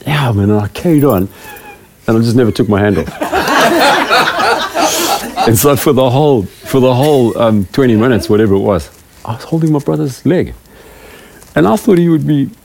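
A man's voice: mid-range voice, sing-song, normal speed, gravelly, pauses often, noisy background. A middle-aged man, a preaching elder, giving a rambling, self-deprecating talk to a small group of church leaders. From South Africa.

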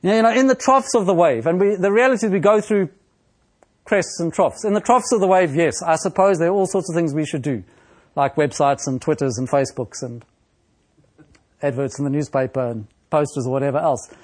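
Male preacher, slightly high voice, deliberate expository sermon delivery, pauses often. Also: a little mellow. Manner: slow and deliberate, with frequent pauses and fillers.

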